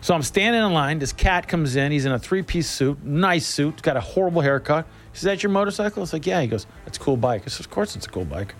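Animated folksy male radio host. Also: fairly high pitch, quick pace, hardly any pauses. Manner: animated, folksy, laughs between lines. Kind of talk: casual storytelling monologue.

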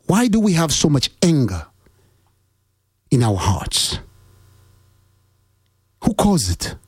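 Husky man giving a preachy monologue. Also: wildly swooping pitch, slow, a little mellow, no echo, studio quality. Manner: preachy, repeats questions, swings pitch up for emphasis. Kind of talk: heartfelt motivational monologue.

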